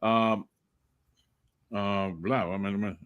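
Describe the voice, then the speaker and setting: A man's voice: on the low side, steady tone, slow pace, clean tone, lo-fi sound. A man co-hosting a casual wrestling predictions podcast, dryly moderating the picks and pushing back on teasing. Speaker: podcast co-host running the picks.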